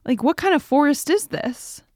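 A woman's voice: high-pitched, lively intonation, normal speed, darkish tone, dry recording, clean studio sound. A woman co-hosting a podcast, trading teasing reactions and banter. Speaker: podcast co-host. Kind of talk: casual comedic podcast chat.

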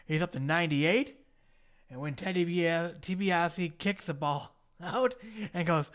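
A man's voice: fairly high pitch, a little slow, a bit bright. A man hosting a casual chat, recapping a show in a jokey way and slipping into mock voices to quote people. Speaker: podcast host.

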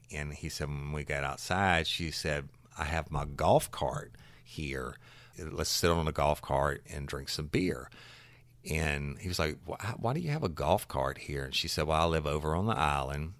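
A man's voice: rumbling low, fairly bright tone, no echo. A man, a detective recounting a case in blunt, folksy, casual storytelling. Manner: folksy, blunt, curses freely.

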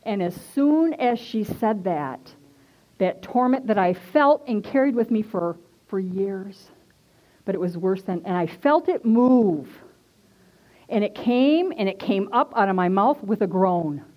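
A woman's voice: medium pitch, lively intonation, unhurried. A woman minister giving a personal testimony in a sermon, earnest and conversational, stressing points by repeating them. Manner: earnest and conversational, emphatic repetition. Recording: dull lo-fi recording.

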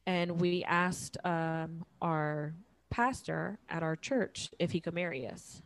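A woman in her thirties telling a personal story in casual chat, acting out quoted lines with lively jumps in pitch. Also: slow pace, gravelly. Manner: animated, acts out quotes with big pitch jumps.

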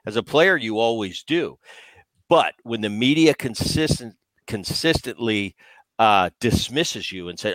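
A man who is a former player and co-host, talking baseball in casual, animated chat full of restarts. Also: medium pitch, unhurried, no room sound. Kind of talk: casual sports talk.

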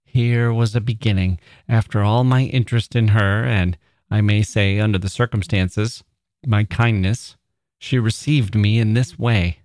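A man who hosts a podcast, reading a classic short story aloud in a measured way. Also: fairly low pitch, fairly even intonation, darkish tone, dry recording, studio quality.

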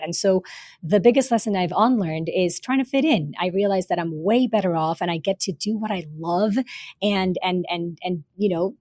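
A woman's voice: mid-range voice, darkish tone, no echo, studio quality. A woman, a former teacher and author, talking earnestly as a podcast guest, with many fillers and repeated words. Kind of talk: casual interview talk.

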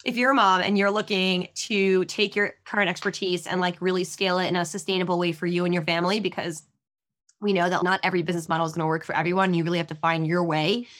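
A woman's voice: lowish voice, flat delivery, fast, a bit bright. A woman business coach hosting a casual podcast interview over a video call, effusive and emotional, rambling a little.

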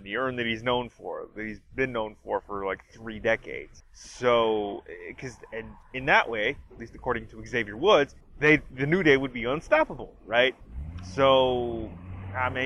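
Bright-voiced man rambling casually. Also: mid-range voice, a little hiss or hum. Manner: rambling, heavy use of fillers like "like" and "you know". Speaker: wrestling fan reviewing a trailer. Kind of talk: casual spoken review. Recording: dull lo-fi sound.

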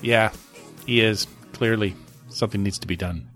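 A man's voice: on the low side, fairly even intonation, normal speed, fairly bright tone. A man co-hosting a podcast, chatting casually and enthusiastically about music with rambling asides. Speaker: podcast co-host.

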